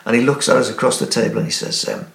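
A man's voice: medium pitch, very fast, creaky, reverberant. A middle-aged man telling a casual anecdote, laughing often and restarting sentences as a podcast guest. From Newcastle, England. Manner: storytelling with frequent laughs and restarts.

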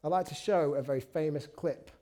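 High-voiced male preacher telling stories. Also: a little fast, mellow. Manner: chatty storytelling with self-deprecating asides. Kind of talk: sermon.

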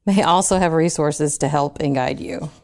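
Woman, radio co-host, somewhat low pitch, reads aloud, short replies. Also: normal speed, gravelly, a little mellow. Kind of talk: reading aloud and brief interjections.

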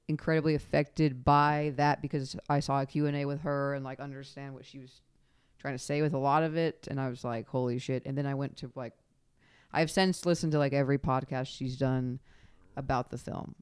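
Giggly, animated woman with a very clear voice. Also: low-pitched. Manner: animated, giggly, swears casually. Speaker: podcast guest. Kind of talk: casual podcast chat.

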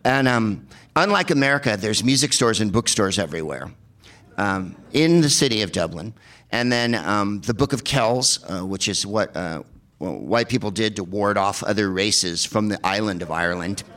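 Man w a lowish voice rambling thru comic travel stories, dry and sweary. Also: animated, normal speed, a bit bright. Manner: rambling, sardonic, profane. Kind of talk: comedic travel storytelling.

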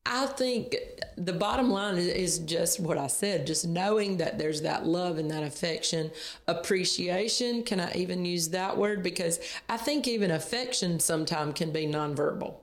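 A woman's voice: fairly low pitch, lively intonation, normal speed, echoey room. A woman co-hosting a candid marriage podcast, talking earnestly, laughing easily and often restarting her sentences. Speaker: podcast co-host. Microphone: on camera.

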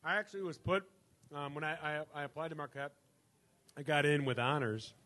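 A man guest telling a rambling anecdote to a live audience, halting and full of ums, yet animated. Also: on the high side.

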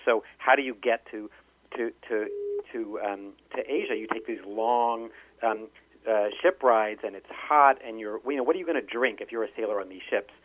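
A man's voice: on the low side, normal speed, a little hiss or hum. Man explaining over a tinny phone line. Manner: storytelling, many restarts. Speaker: author and linguist guest. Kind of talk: phone-in interview. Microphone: telephone.

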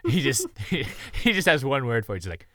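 Guy gushing about a movie, super bright voice, laughs a lot, dry sound. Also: medium pitch, no room sound. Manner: animated, laughs often, quick restarts. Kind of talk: casual movie discussion.

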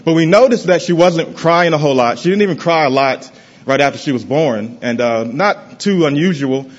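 A man giving a personal testimony to a congregation in a church, halting and often dropping soft and low. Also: animated, highs cut off.

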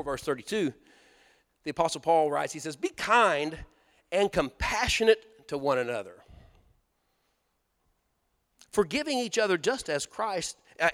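A pastor preaching a sermon in a folksy, storytelling way, asking the congregation questions. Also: male voice, fairly high pitch, fairly bright tone, in a large hall.

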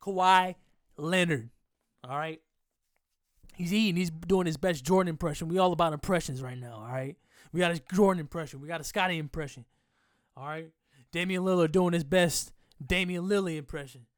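In a dry, clean studio recording, a male podcast host with a slightly high voice talks about sports at a moderate pace. He is loose and profane, rambling and making jokes at his own expense.

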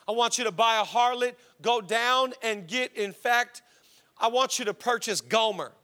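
Preacher doing god giving orders, steady and insistent, bright high voice. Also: male voice, moderate pace. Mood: commanding. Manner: firm, repetitive, insistent. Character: God, calm insistent commanding voice.

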